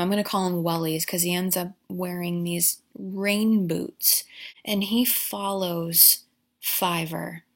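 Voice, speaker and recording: Sarcastic woman recapping a movie. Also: fairly low pitch. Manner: sarcastic, crude, rambling.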